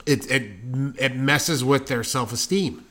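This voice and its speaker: A man's voice: medium pitch, unhurried, sharp tone. A man in casual chat as a podcast co-host, ranting emphatically and swearing a lot.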